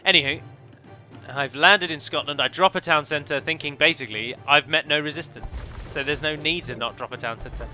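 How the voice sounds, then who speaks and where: A man's voice: a little high, normal speed, bright, forceful tone, soft background music. Chatty man narrating a strategy game. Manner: chatty, self-correcting, analytical. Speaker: let's play commentator. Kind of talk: game commentary.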